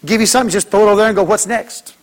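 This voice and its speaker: A man's voice: high-pitched, steady tone, very fast. A man preaching a sermon as pastor, folksy and joking, mimicking kids and church members.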